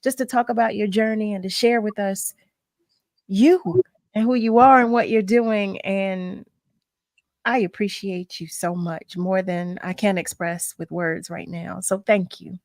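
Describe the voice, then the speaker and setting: A woman's voice: medium pitch, steady tone, a little slow, a little mellow, no room sound, clean studio sound. A woman radio host closing an interview, effusive and heartfelt in her thanks. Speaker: radio talk show host. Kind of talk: on-air interview wrap-up.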